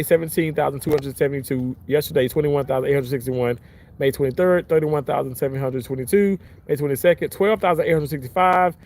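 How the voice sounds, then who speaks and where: A man casually chatting on a livestream outdoors by the water, reading out comments, rambling with many restarts and sudden jumps up in pitch when excited, on a phone held at arm's length. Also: gravelly. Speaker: livestream host.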